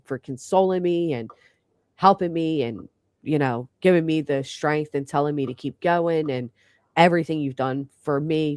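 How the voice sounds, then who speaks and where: A woman's voice: low-pitched, darkish tone, no echo. A woman chatting casually on a livestream, rambling and heartfelt as she thanks her host. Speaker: livestream guest.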